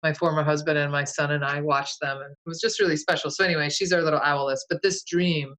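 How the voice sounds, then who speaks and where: A woman's voice: deep voice, fairly even intonation, fast, a bit bright, poor audio. A woman guest, a folk herbalist, telling a vivid dream in a loose, casual way full of "like" and "you know". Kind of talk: casual storytelling interview.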